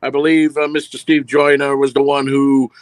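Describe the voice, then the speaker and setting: A man with a New York accent, a film producer guest on a video call, speaking in a measured way with many pauses and uh's. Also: mid-range voice, flat delivery, clean tone, no room sound. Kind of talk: casual interview chat.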